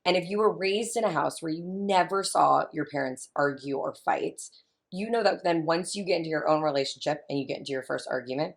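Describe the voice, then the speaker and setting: A woman in her thirties with a low voice and a touch of vocal fry. She talks chattily and with emphasis, circling back to repeat her main points as a guest. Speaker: family consultant guest. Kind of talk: casual interview talk.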